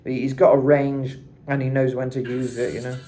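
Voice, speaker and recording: A man's voice: medium pitch, little pitch movement, normal speed, background noise. A man teaching singing in a loose, rambling way, full of "you know" and "kind of". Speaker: vocal coach. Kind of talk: casual singing tutorial.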